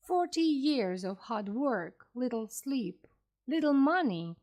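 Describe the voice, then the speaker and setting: A woman's voice: high voice, sing-song, takes it slowly, full character voice. A woman voicing an old, obsessed sea captain. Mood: weary. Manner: weary and brooding, bursting into loud commands.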